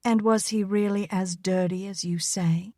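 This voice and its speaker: A woman's voice: medium pitch, steady tone, unhurried, darkish tone, no room sound, studio quality, lightly acted. A woman voicing a poised young Southern woman who teases in an easy, silky drawl. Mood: teasing. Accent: American Southern.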